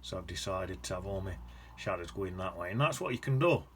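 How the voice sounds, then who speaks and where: Brief: lower-voiced man, relaxed painting tutor, rambles and mutters to himself while he works, faint room noise. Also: brisk. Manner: chatty, rambling self-talk with muttered asides. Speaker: painting teacher. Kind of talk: casual painting demonstration.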